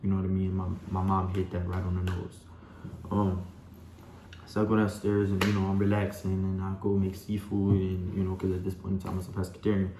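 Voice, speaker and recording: Low, flat-voiced young man telling his story. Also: fairly quick. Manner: rambling, full of "like" and "you know", addresses viewers as y'all. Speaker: vlogger. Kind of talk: personal storytelling to camera. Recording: echoey room with faint background hum.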